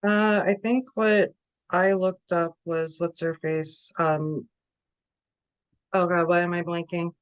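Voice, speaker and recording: A woman's voice: fairly low pitch, steady tone, takes it slowly, clear, resonant tone. Joking woman podcast co-host. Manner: joking, laughs often. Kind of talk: casual podcast chat.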